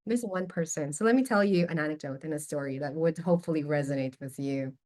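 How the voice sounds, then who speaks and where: Woman, podcast guest, conversational storytelling, expressive and candid, casual swearing, slightly low voice. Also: fast. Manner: animated, expressive anecdote-telling with casual swearing; candid, openly emotional.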